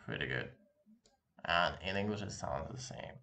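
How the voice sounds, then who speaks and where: A native Russian speaker with a Russian accent gives a casual online language lesson, patiently repeating words for learners to practice. His deep voice is expressive, creaky and sharp-toned at a normal speed, with slight background noise and street sounds coming through an open window.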